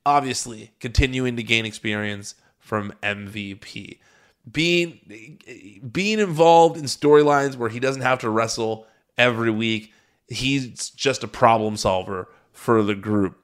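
A man's voice: medium pitch, measured pace. Chatty opinionated man hosting a podcast. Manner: chatty, opinionated, many restarts and fillers. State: hiccups. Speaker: podcast host. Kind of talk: solo podcast recap and commentary.

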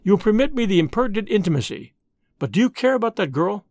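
A man's voice: high voice, very animated, fast, a little mellow, no room sound, clean studio sound, voice pushed up. A man voicing a small, courteous English priest who speaks with earnest politeness, read in a story. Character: small quiet English priest, gently probing.

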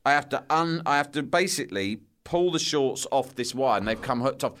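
A man's voice: mid-range voice, lively intonation, a little fast, fairly bright tone. A middle-aged man, guesting on a podcast, telling a school anecdote in casual storytelling style, swearing freely and acting out the voices of the people in it.

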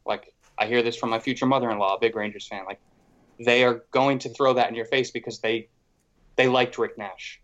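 A man co-hosting a podcast, talking hockey casually in a rambling, animated way with a lot of "like". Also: mid-range voice, fast talker, dull audio. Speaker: podcast co-host.

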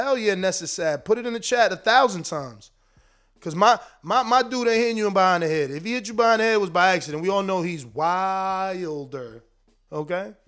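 Casting: high-pitched male streamer, fiery profane boxing rant, slangy. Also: fairly bright tone. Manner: heated, profane, slangy, rapid. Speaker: boxing commentator, show host. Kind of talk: casual livestream rant.

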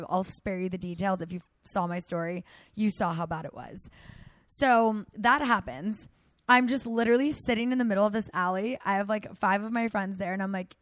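A woman in her thirties hosting a podcast, telling a story in a casual, animated way and acting out what people said. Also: medium pitch, no echo. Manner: animated storytelling, acts out quotes. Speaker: podcast host. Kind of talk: casual chat.

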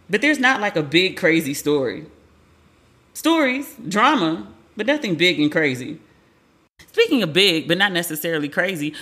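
A woman's voice: lowish voice, a bit bright. A woman in her forties hosting a casual pop culture podcast, talking candidly, swearing freely and acting out quotes. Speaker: podcast host.

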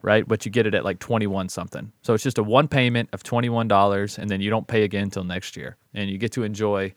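A man's voice: lowish voice, fairly even intonation, no echo, clean studio sound. A man co-hosting a true crime podcast, joking with his partner and reading ads in an upbeat way. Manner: jokey, upbeat, spells out codes slowly. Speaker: podcast co-host. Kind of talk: casual podcast banter and ad read.

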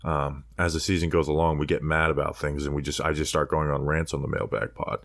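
A man's voice: extremely low pitch, flat delivery, fairly quick, creaky, fairly bright tone, no room sound, studio quality. A young man hosting a casual sports podcast, loose and jokey, with plenty of filler words. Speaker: podcast host.

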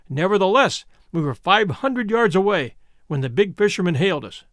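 A male narrator tells a first-person adventure tale in a high, animated voice. The recording is dry and close, with no room sound at all. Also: normal speed, dry recording. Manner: expressive reading with lively pitch. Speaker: audiobook narrator.

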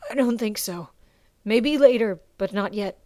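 A woman voicing a wounded young woman warrior who is fierce and defiant, talking urgently and shouting through pain. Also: mid-range voice, unhurried, dry recording, studio quality, close to an everyday voice. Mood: strained.

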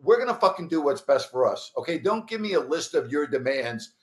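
A man's voice: a little high, big pitch swings, fairly quick. A man co-hosting sports talk, emphatic and profane, backing up his partner and ranting in turn. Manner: emphatic, agreeing loudly, profane.

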